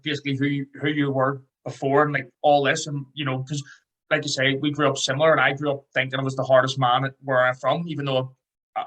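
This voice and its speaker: Man, Scouse accent, podcast host, brisk, bright tone, casual chat. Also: mid-range voice, rough recording. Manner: fast, excitable storytelling.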